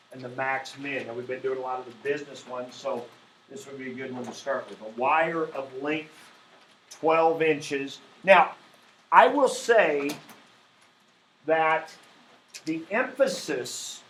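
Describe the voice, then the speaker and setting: A male math teacher lecturing his class in a casual, meandering way, stressing key words and filling pauses with "um" and "you know". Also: a little high. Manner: informal, many fillers, emphatic stresses. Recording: echoey classroom.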